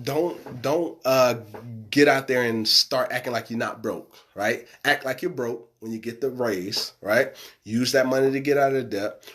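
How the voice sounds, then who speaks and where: A man's voice: mid-range voice, a bit bright. A young man coaching viewers on a live stream, emphatic and repetitive, tagging his points with "right?" and "okay?". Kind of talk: casual live-stream pitch.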